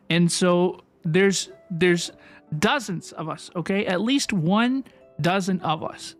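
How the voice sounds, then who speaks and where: A woman VTuber streaming live, bubbly and excitable as she greets her chat by name. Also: fairly low pitch, takes it slowly, soft background music.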